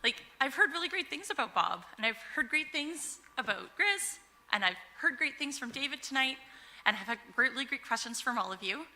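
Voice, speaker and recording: A woman's voice: high-pitched, animated, a little fast. A female election candidate speaking effusively and gratefully at a forum. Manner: warm and effusive. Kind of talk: debate remarks.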